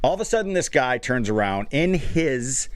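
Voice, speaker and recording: A man on a sports radio show, telling a long story in an animated, rambling way with lots of restarts. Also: mid-range voice, moderate pace, clear, resonant tone, no echo. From Canada. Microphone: studio microphone.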